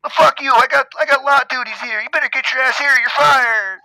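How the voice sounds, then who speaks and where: A man's voice: extremely high pitch, a little fast, vocal fry, bright, forceful tone, no room sound, voice pushed up, heavily acted, low-quality recording. A man voicing his bossy, angry cousin who barks orders at workers. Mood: yelling. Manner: barking orders, furious. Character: angry bossy male cousin, yelling boss.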